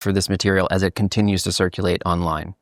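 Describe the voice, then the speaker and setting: A man hosting a podcast interview and asking questions in a calm way. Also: sits low, fast, no room sound, clean studio sound. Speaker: podcast host.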